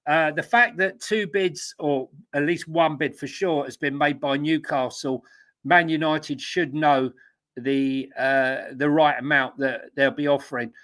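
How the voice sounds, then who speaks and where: Bright-voiced football podcast host. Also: male voice, on the high side, fairly even intonation, a little slow. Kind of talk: casual football chat.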